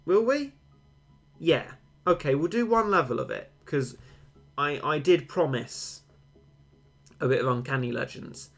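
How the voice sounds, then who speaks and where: A man's voice: mid-range voice, lively intonation, unhurried, creaky, pauses often, a bit bright, faint music behind. A young man, a game streamer, chatting casually and rambling, answering viewer comments with mock-dramatic overstatement.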